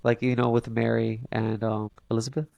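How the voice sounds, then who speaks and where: Young guy on a podcast, gravelly kinda flat voice, stops and restarts a lot, dry sound. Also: medium pitch, dry recording, highs cut off. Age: young adult. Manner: halting, many fillers and restarts. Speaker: podcast guest. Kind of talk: casual storytelling interview.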